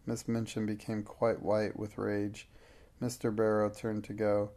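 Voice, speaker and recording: Low, flat-voiced male narrator. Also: measured pace. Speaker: audiobook narrator. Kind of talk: scripted narration.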